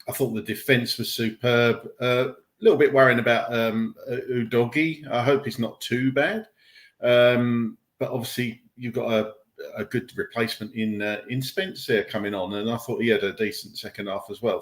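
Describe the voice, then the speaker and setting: A man, a guest on a football podcast, giving a measured, hesitant take full of ums. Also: medium pitch, fairly bright tone. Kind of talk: casual football analysis.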